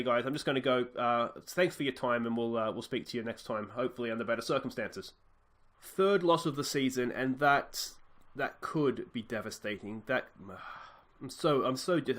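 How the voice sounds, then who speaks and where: An excitable Australian man in his thirties talks over his own football management game, his voice at a middling pitch for a man. He cheers loudly at big chances and drops into low, deflated murmurs after setbacks. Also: fairly quick. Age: 30s. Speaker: gaming video host. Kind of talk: live football game commentary.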